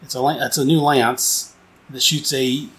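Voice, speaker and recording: A man's voice: medium pitch, steady tone, a little slow, fairly bright tone. Casual male comic reviewer, mid-range voice, rambling and enthusiastic, lots of restarts.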